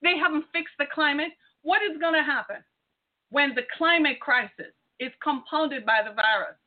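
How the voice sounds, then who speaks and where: Fervent high-voiced woman preaching by phone. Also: normal speed. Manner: fervent, rhetorical questions, calls to the listener. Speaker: podcast host. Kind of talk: impassioned preaching monologue. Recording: tinny phone-like sound.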